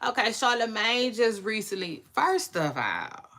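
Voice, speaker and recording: A woman hosting a casual celebrity gossip vlog, chatting to her viewers in a playful, drawn-out way with frequent asides. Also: fairly high pitch, sing-song, bright, forceful tone. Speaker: vlog host.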